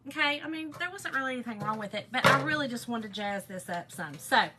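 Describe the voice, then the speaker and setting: A woman hosting a casual craft livestream, chatting excitedly and greeting viewers by name. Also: on the high side, quick pace, loud music behind the voice. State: one ear still muffled. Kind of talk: casual live-stream chat.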